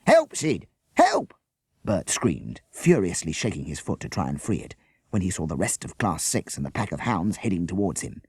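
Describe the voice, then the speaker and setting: A man reading a children's storybook aloud with a lively, expressive delivery. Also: deep voice, fairly quick, breathy edge, no echo, clean studio sound. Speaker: audiobook reader. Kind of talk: storybook narration.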